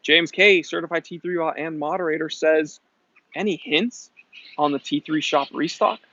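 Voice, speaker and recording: A man's voice: a little high, normal speed, pushed and bright, no echo. Chatty man hosting a dry, dull live stream. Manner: casual, upbeat, chatty with fillers. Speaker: host. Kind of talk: live stream chat reading comments.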